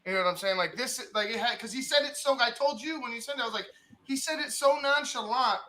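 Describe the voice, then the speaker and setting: A man on a sports talk show, animated, stumbling and repeating himself as he retells reactions. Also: very high voice, quick pace, poor audio.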